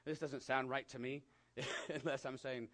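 A man with a West Texas accent preaching a sermon in a conversational way, rising to emphatic peaks and dropping to hushed asides. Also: mid-range voice, fairly even intonation, a little slow. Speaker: pastor.

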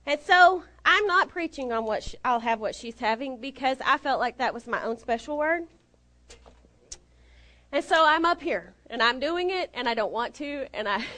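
A middle-aged woman giving a storytelling sermon, animated and self-deprecating, acting out the dialogue. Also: high-pitched, fairly quick. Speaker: lay preacher.

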